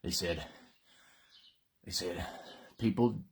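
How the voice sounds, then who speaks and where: A man's voice: low voice, slow pace, a little hiss or hum. Playful winded man coaching a workout. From Colorado. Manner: playful, joking banter. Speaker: fitness host. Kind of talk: casual live workout coaching.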